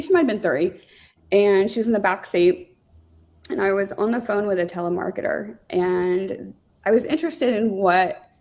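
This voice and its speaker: A woman with a gravelly, fry-tinged voice chats as an interview guest. She talks over a video call, telling stories in a casual, animated way and often pausing on fillers. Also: mid-range voice. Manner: chatty, animated storyteller with many fillers. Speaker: guest, real estate team leader.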